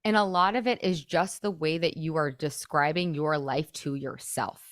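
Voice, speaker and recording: A woman in her thirties coaching on a podcast, her voice sitting a little low and recorded close and dry with no room sound. she talks casually and fast, scatters "like" everywhere and acts out the thoughts in her own head. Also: fairly even intonation, fairly bright tone, no room sound. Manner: chatty, peppered with "like", acts out inner thoughts. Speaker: weight loss coach and podcast host.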